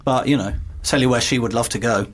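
A woman's voice: a bass voice, fast talker, husky. A woman co-hosting a casual chat show, playful and full of goofy bits. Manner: playful, goofy voices, jokey asides. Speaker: co-host.

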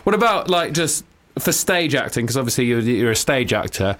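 A man's voice: mid-range voice, very animated, fairly bright tone. Teasing male comedy host. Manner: teasing, quick-witted questioner. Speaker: show host. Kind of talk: casual comedy chat.

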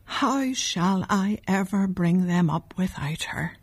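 A woman voicing a grieving widowed father who speaks slowly in a hushed tone. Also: lowish voice, animated, husky, no echo, heavily acted. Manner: slow, hushed sorrow.

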